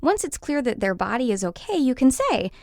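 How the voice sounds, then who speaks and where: A woman in her thirties, a parenting expert explaining her advice on a podcast in a reassuring way, sometimes acting out gentle lines to a child. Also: high voice, big pitch swings, fairly quick, no echo, studio quality.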